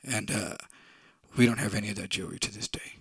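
A man's voice: on the low side, fairly even intonation, quick pace, creaky, husky, dry recording. A middle-aged man from San Antonio telling a true story on stage in a blunt, candid, conversational way with casual swearing.

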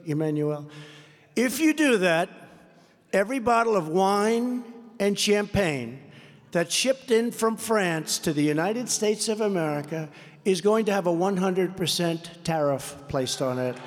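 A man's voice: sits high, animated, unhurried. An older man giving an off-script campaign rally speech, rambling and repetitive, telling boastful stories to a crowd. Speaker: political candidate at a rally. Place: large indoor rally venue. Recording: long reverb from a large hall.

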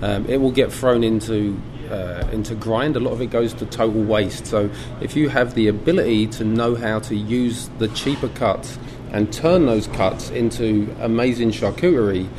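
A middle-aged man from England, a butcher shop owner talking in a documentary interview, relaxed and reflective with many ums and restarts. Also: lowish voice, normal speed, few pauses. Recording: air conditioning hum behind.

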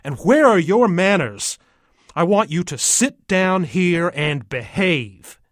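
A man voicing a stern father who yells at his son, slow and forceful. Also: medium pitch, dry recording, clean studio sound, lightly acted. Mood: angry scolding. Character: stern angry father scolding his boy.

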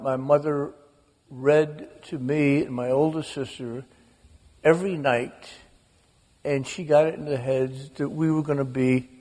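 Gravelly older man spinning wry stories. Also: on the high side. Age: 60s. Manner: wry, animated storyteller. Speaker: author guest. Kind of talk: humorous storytelling interview. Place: onstage in a large auditorium. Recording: live auditorium echo.

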